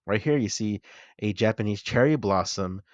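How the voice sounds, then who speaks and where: Excited young man breaking down a trailer. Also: on the low side, moderate pace, no room sound, dull audio. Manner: excited, chatty, self-correcting fan talk. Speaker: movie channel host.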